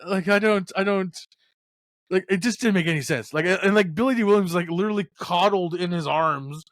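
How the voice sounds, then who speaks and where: A man's voice: high voice, a little fast, fairly bright tone, no echo, studio quality. A man hosting a casual movie-review podcast, rambling and swearing as he retells scenes. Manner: rambling, swearing, acts out lines with laughs. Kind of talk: casual chat.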